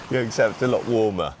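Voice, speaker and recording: A man's voice: sits low, slight background noise. A man from the UK co-hosting a vlog, chatting in an easygoing, joking way while walking on a beach. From United Kingdom. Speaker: vlog co-host. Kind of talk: casual chat while walking. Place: outdoors on a beach.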